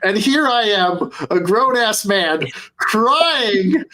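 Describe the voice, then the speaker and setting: A young adult man co-hosting a podcast in casual chat, excitable and cursing freely as he retells scenes. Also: sits high, extremely slow, slight background noise. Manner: excitable, swears a lot while retelling scenes. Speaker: podcast co-host.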